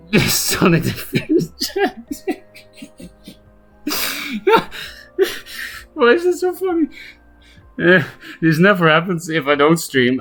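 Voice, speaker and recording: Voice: mid-range voice, fairly bright tone. A game streamer chatting casually with viewers, self-mocking and repeatedly breaking into helpless laughter. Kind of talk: casual live-stream chat.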